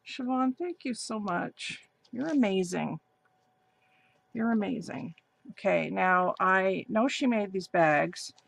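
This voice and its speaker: A woman hosting a crafting channel, gushing and gasping with excitement as she opens a birthday package in a casual unboxing vlog. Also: medium pitch. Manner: gushing, excited, breathy gasps.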